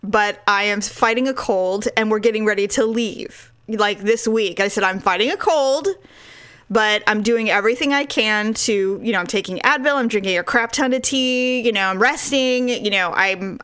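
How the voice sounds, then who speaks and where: A woman in casual chat, telling a story with animated mimicry and frequent laughter. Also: mid-range voice.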